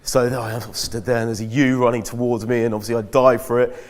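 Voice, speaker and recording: A man's voice: medium pitch, flat delivery, fast. A man in a mid-range voice tells chatty, self-mocking stories to a school audience. His voice carries long reverb from a large hall. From Britain. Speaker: guest speaker at a school. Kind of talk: anecdotal talk to an audience. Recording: echoey hall.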